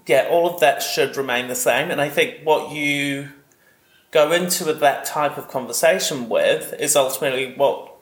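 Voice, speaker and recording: A man's voice: fairly high pitch, moderate pace, fairly bright tone, roomy sound, poor audio. A man co-hosting a podcast, talking in a casual, earnest and jokey way. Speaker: podcast co-host. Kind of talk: casual conversational podcast chat.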